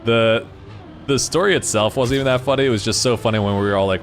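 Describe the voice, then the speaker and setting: A man's voice: mid-range voice, quick pace, a little hiss or hum. A man streaming a racing game, chatting casually and rambling to his viewers. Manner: chatty, rambling, talks to chat. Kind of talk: casual live-stream chat while gaming. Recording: game music loud behind voice. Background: game music and car sounds.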